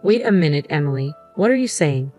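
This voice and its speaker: Young husband, accusing and pleading, read by a woman, low-pitched, soft music bed. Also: animated, brisk. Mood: panicked. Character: young husband, blaming and whiny. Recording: faint music underneath.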